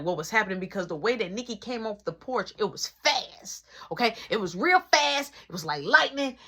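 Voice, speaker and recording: A woman telling a fight story in a casual vlog, animated and dramatic, acting out sound effects. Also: fairly high pitch.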